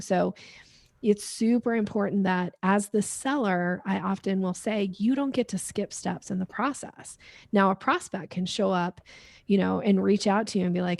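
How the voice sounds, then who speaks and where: Woman podcast guest, sales trainer type, gravelly texture, dry close sound. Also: mid-range voice, moderate pace, a little mellow, dry recording. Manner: explanatory teaching tone, laughs while making points. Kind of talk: podcast interview.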